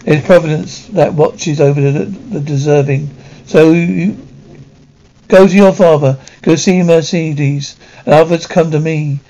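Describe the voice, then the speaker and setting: A man's voice: a little high, a little slow, warm tone. A man voicing a kindly older shipowner who speaks to his sailor in an encouraging way. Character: kindly older male shipowner, generous employer. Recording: dull lo-fi recording.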